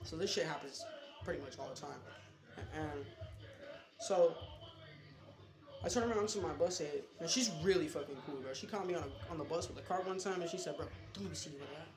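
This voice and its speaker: A man's voice: on the high side, brisk, pauses often. A young man in his late teens telling rambling, profane, slangy stories in a casual vlog from his bedroom. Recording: echoey room with music behind.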